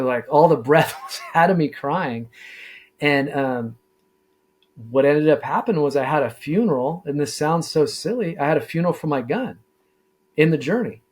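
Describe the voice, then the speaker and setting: A middle-aged man, a former deputy sheriff, telling his story in a casual interview, halting with many fillers and restarts. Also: mid-range voice, darkish tone.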